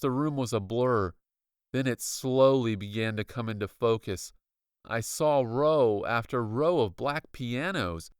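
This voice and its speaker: A man reading a spooky children's story aloud, slow and deliberate, his pitch rising and falling dramatically. His voice is smooth and clear, close and dry. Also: no room sound. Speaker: audiobook reader. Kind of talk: scripted narration.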